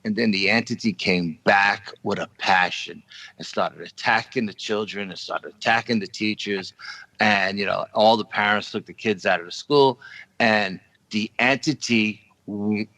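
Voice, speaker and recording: Bright-voiced man telling a story. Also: on the low side, measured pace, no room sound, rough recording. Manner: animated storytelling with acted-out quotes. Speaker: paranormal investigator guest.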